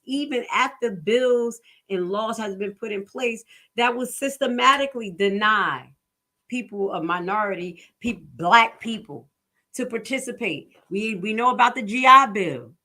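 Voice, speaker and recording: Bright-voiced, blunt woman vlogger. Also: a little high. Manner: blunt, profane, preachy storytelling. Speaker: commentary vlogger. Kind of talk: casual commentary.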